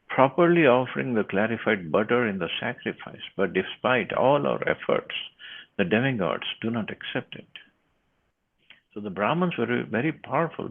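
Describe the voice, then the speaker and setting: Low gravelly male teacher reading and explaining scripture over a tinny, phone-like line. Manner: reads verses, then explains with restarts. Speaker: class speaker reading scripture. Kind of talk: scripture class.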